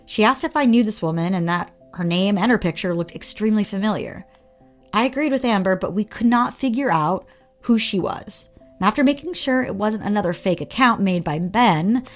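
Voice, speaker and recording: A woman co-hosting a podcast, reading scripted narration in a measured, read-aloud way. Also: medium pitch, soft background music. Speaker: podcast co-host.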